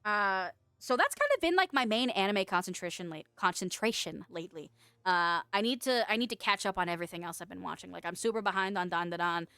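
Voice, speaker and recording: A woman streaming as a VTuber, chatting casually with viewers, playful and quick to laugh, with casual swearing. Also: medium pitch, sharp tone, clean tone, no echo. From United States. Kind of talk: casual chat reading viewer messages.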